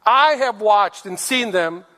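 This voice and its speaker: A man's voice: high voice, lively intonation, takes it slowly, bright, forceful tone, big-room sound. A man preaching a sermon as pastor, acting out quotes and calling for amens from the congregation. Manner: preaching with acted-out quotes of husbands and wives.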